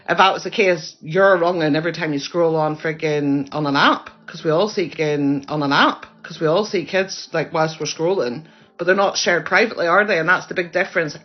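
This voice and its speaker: A woman holds forth on a live stream, sharp-tongued and combative. She keeps repeating herself to drive each point home, heavy with sarcasm. Her voice comes through dull, lo-fi phone audio. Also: fairly low pitch. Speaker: livestreamer. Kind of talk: ranting monologue on a live stream.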